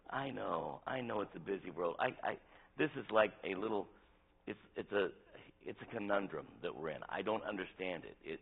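A man's voice: fairly low pitch, vocal fry, breathy edge. A man preaching an interactive sermon as pastor, talking in a conversational way and asking the congregation questions. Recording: tinny phone-like sound.

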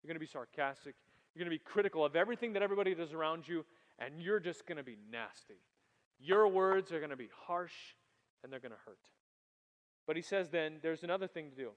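A man preaching a sermon to young people, animated, swinging from loud emphasis to quiet asides. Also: on the high side, fast talker. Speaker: youth pastor. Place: church hall. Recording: long hall reverb.

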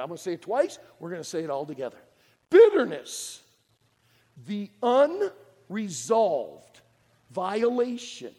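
A man preaching a sermon in a church auditorium, folksy and animated, pulling the congregation into call-and-response. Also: high voice, breathy edge, in a large hall.

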